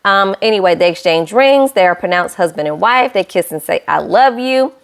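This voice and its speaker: A woman talks through a reality show episode for her viewers. She speaks at a middle pitch, casual and animated. She keeps breaking off for playful asides to her audience. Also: moderate pace, smooth. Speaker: reality TV reviewer. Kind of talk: casual recap vlog.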